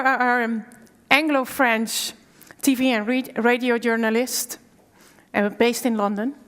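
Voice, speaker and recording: A woman with a high voice introduces a speaker at a conference. She is a little hesitant and pauses as she goes. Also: fairly bright tone. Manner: hesitant, with fillers and restarts. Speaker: conference host. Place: conference hall.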